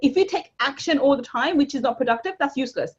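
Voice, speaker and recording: A woman speaking as a guest coach in a casual interview, animated, often repeating words and jumping higher for emphasis, on a dull lo-fi recording. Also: fast. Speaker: guest, money mindset coach. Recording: dull lo-fi sound.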